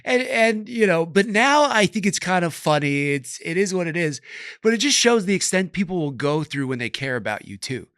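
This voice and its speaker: A man's voice: high-pitched, very animated, normal speed, fairly bright tone, no echo, studio quality. A young adult man hosting a podcast, chatting casually and loosely with many "like"s and "you know"s. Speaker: podcast host. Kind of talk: casual interview chat.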